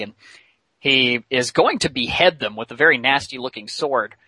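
A man's voice: mid-range voice, unhurried, long pauses, bright, forceful tone, slightly rough, dry recording. A man casually retelling a cartoon episode as podcast host, chatty with many fillers. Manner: chatty, many fillers, laughs while telling.

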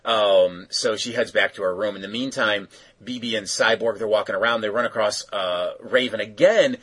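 A man's voice: lowish voice, moderate pace, a bit bright, husky, low-quality recording. A man casually recapping a cartoon episode, rambling with lots of fillers. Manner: rambling, filler-heavy storytelling.

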